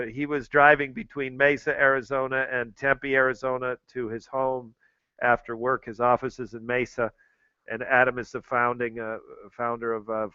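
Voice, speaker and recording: A man's voice: medium pitch, bright, forceful tone, clear, resonant tone, no room sound, highs cut off. A middle-aged American man hosting a show, chatting casually and addressing his listeners directly over and over. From United States. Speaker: host.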